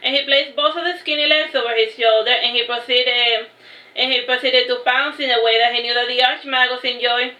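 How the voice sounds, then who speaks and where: A woman's voice: fairly high pitch, steady tone, brisk, bright, forceful tone, lo-fi sound. A woman reading her own novel aloud as an audiobook narrator, unpolished, with frequent restarts. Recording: roomy echo.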